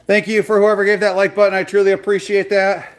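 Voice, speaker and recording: A man's voice: high-pitched, completely flat delivery, quick pace. A man running a fitness vlog, chatting casually and directly to his viewers while he works out. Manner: chatty, talks straight to viewers. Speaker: fitness vlogger. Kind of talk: casual live chat to viewers.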